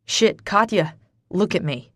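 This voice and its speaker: A woman voicing a steady, firm male friend. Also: medium pitch, unhurried, dry recording, clean studio sound. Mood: firm, calming. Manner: firm, calming, blunt. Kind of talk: audiobook character voice.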